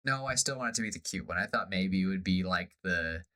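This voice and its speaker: A man co-hosting a podcast, pitching a story idea in casual chat and acting out pirate lines in bursts. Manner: animated, acts out pirate lines in quick bursts. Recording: slightly off-sounding podcast audio.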